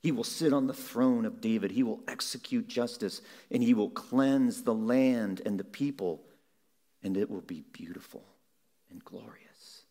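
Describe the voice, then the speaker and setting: A man preaching a sermon in a measured way, slowing down on key words for emphasis. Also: mid-range voice, warm tone.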